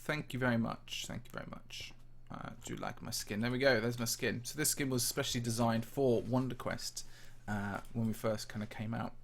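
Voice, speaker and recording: A man's voice: medium pitch, fairly even intonation, normal speed, few pauses. A man with a slightly posh English accent, casually chatting and answering viewer questions as he tours a game map. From English Midlands. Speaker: Minecraft channel host. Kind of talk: casual livestream chat while touring a game map.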